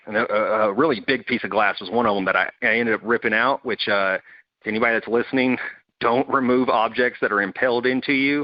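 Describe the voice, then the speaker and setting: A man's voice: medium pitch, no echo. A man, a Marine veteran, telling a story casually and acting out the quoted voices of his buddies. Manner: animated, acts out quoted voices. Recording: dull, dry close recording.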